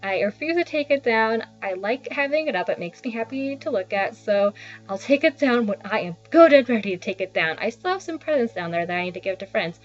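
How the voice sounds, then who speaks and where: A woman's voice: on the high side, animated, brisk. A young woman casually narrating a tour of her small basement apartment, chatty and self-deprecating with rambling asides. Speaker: vlogger giving a home tour. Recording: slightly dull lo-fi sound with faint background music.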